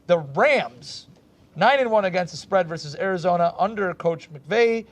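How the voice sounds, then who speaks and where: A man's voice: high voice, animated, moderate pace. A man hosting a casual sports show, reading betting stats between laughs. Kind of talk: casual sports picks chat. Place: student access radio studio.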